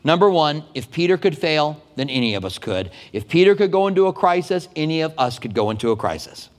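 A man preaching as a pastor, telling stories in a conversational, animated way with quick asides. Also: fairly high pitch. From United States. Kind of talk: sermon. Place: church sanctuary. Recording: long hall reverb.

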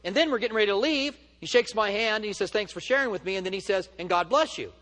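A man leads a church study in a large hall, his high voice fast and a bit bright. His sermon-like delivery is built around stories, becoming emphatic and climbing when he gets stirred up.

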